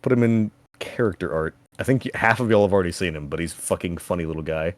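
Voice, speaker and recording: A man running a tabletop game as game master, casual and quick to laugh. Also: deep voice. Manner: casual, laughing, swears freely.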